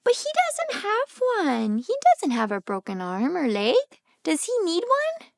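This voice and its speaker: A woman reads a children's picture book aloud, pausing to ask little listeners questions. Her voice is high and very lively, and she takes her time. The sound is close and dry. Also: vocal fry, dry recording. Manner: gentle, animated, asks the child questions. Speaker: speech therapist reading aloud.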